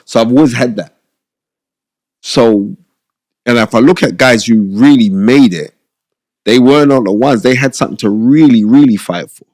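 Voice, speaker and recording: A man's voice: medium pitch, moderate pace, long pauses, darkish tone, no room sound, clean studio sound. A middle-aged man, a former boxer, telling stories in a casual interview and checking in with frequent "you know what I mean?" asides. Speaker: former boxer, podcast guest.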